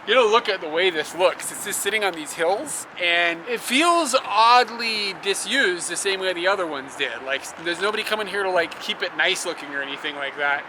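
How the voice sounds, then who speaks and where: A slightly high-voiced man chats loosely on a travel vlog, rambling from one thought to the next and laughing often. He's outdoors with traffic and street noise clearly audible around him. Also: expressive, normal speed, hardly any pauses. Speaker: travel vlogger. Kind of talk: casual travel chat. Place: outdoors on a motorbike trip.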